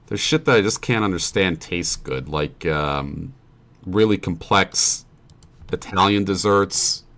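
A man's voice: deep voice, lively intonation, slow, a bit bright. A young man streaming while he plays a game, chatting in a rambling, profane and sarcastic way. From New Jersey family. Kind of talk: casual chat while gaming.

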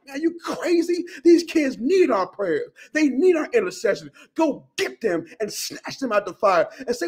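A man preaches a fiery sermon in a strikingly high, husky voice. He is impassioned, shouts at times and breaks into tongues. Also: big pitch swings, normal speed, few pauses.

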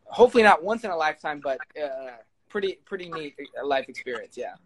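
A man's voice: on the high side, animated, fast, a little hiss or hum. A young man chatting casually as an interview guest, laid-back and rambling, with lots of fillers and restarts. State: sweating in the heat. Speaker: guest singer and actor. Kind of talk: casual interview chat, then singing with guitar.

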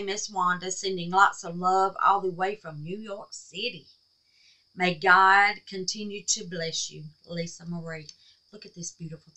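A woman talks slowly and warmly at her craft table, in a folksy, affectionate way. Her voice is bright and clear. Now and then she drops to a near whisper while she works. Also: on the low side, low-quality recording. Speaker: crafting channel host. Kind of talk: casual crafting vlog chat.

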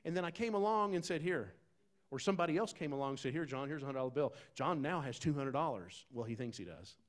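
A man preaching a sermon in a folksy, conversational way, talking straight to the congregation, dropping to quiet asides and rising to loud, emphatic bursts. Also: on the high side, expressive, fast. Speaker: pastor.

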